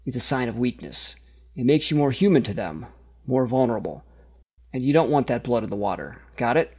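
A man's voice: mid-range voice, big pitch swings, brisk, a little mellow, husky. A man plays a smug corporate executive handing down advice to a new hire. He talks casually but firmly and leans hard on the words he wants to stress. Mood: condescending. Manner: casual but firm, emphatic. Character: smug corporate male executive lecturing subordinate.

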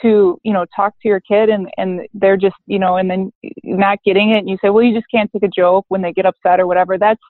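A woman's voice: mid-range voice, fairly quick, hardly any pauses, no room sound. Candid woman therapist on a phone-like line. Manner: candid and animated, swears casually, acts out parent and teen quotes. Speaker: therapist guest. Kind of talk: casual podcast interview. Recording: dry, phone-like narrow sound.

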